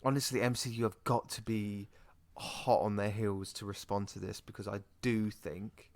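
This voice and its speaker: A hoarse British man co-hosting a podcast in a chatty, rambling way. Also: on the low side, flat delivery, moderate pace. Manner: chatty, rambling asides, repeats himself. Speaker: podcast co-host. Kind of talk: casual podcast chat.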